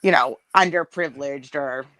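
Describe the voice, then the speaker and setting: A woman's voice: low-pitched, moderate pace, dry recording. A middle-aged woman, hosting a casual group video chat and telling stories with a joking, laughing manner. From Massachusetts. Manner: lively joking storyteller, laughs often. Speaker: host of a group live chat. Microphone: video call.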